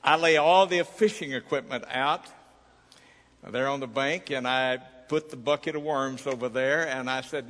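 A man's voice: mid-range voice, a little slow, fairly bright tone, in a large hall. A man preaching a sermon, telling a personal story in a folksy way and acting out its dialogue. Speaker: pastor.

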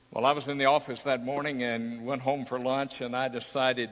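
Folksy preacher telling a story in a big hall. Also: male voice, medium pitch, fairly even intonation, brisk, hardly any pauses, a bit bright. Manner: folksy storytelling with acted-out dialogue. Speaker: pastor. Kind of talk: sermon.

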